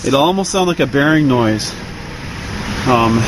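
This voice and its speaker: A man's voice: mid-range voice, a little slow. A man casually showing how to check a truck's front end outdoors, rambling with lots of ums and uhs as he works. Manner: relaxed, rambling, full of ums and uhs while working. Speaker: DIY mechanic showing truck repairs. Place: outdoors beside a truck, away from the house. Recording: noisy outdoor recording.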